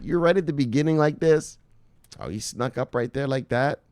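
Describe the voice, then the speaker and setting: A man's voice: medium pitch, normal speed, darkish tone, smooth, no echo. A man hosting a crypto news channel, talking in a playful, hyped, casual way with lots of laughter. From Miami Beach, Florida. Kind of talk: casual video commentary.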